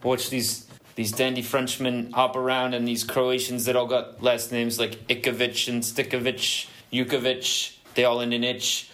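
A man's voice: mid-range voice, completely flat delivery, unhurried, a bit bright, lightly acted. A man doing a blustery English footy fan. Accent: put-on English. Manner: blustery, mock-dramatic. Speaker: podcast host.

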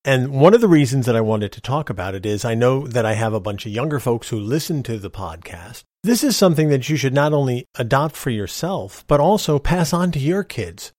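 A man's voice: medium pitch, a little mellow, no room sound, studio quality. A middle-aged man hosting a podcast, telling personal stories in a folksy, opinionated, ranting way. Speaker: podcast host. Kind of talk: personal storytelling monologue.

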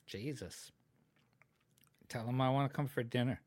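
A man's voice: mid-range voice, unhurried, no echo, studio quality. A man riffing on absurd comic ideas in casual chat.

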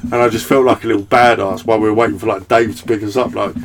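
A man's voice: lowish voice, fairly even intonation, very fast, soft background music. A young man with an Essex accent, a podcast guest telling rambling, swear-laden stories and laughing often. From Essex, England. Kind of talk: casual chat.

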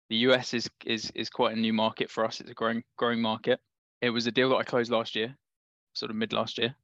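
A man with a London accent, a startup founder guest, chatting and telling an animated story on a podcast. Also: medium pitch, no room sound, muffled recording. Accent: London English. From England. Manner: animated anecdotal, laughs often.

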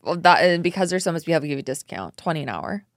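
Woman podcast co-host, lower voice, relaxed deadpan side remarks. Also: very fast, no echo, studio quality. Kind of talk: casual chat. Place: small studio.

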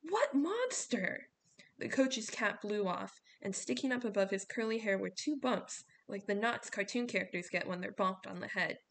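A woman narrating a novel as an audiobook in a steady storytelling manner. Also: medium pitch, normal speed, vocal fry, hardly any pauses, slight background noise.

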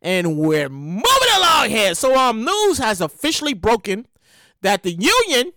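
A solo show host with a mid-range voice speaks at normal speed, recorded with studio quality and no room sound. The celebrity news commentary is casual, rambling, and animated, packed with slang and free cursing, with lines repeated for effect in a conversational style.

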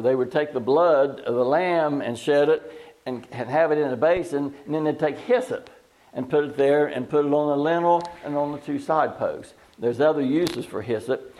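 A man teaching a Bible study in a folksy, halting way, reading scripture slowly. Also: mid-range voice, a little mellow. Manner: folksy, plain-spoken and halting.

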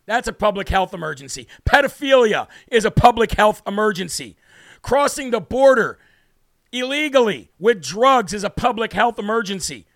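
A man's voice: high-pitched, very animated, moderate pace, a bit bright, no room sound, clean studio sound. A man hosting a live political talk show, brash and combative, with mocking asides to viewers. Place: home studio.

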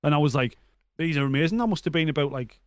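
A man telling a story in casual podcast chat, halting with many ums and likes. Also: fairly high pitch, lively intonation, clean tone, no room sound, studio quality. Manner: hesitant storytelling, many fillers.

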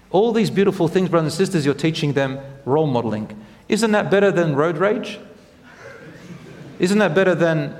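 A man's voice: on the high side, moderate pace, darkish tone. Earnest preacher man, long reverb. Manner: earnest, direct questions to the audience. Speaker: Islamic preacher and teacher. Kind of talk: sermon.

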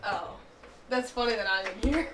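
A woman's voice: on the high side, moderate pace, a bit bright. A young woman pops into a small recording booth and chats casually. She states her opinions bluntly, with a teasing edge. A faint hiss runs underneath her. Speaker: guest dropping in. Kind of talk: casual chat.

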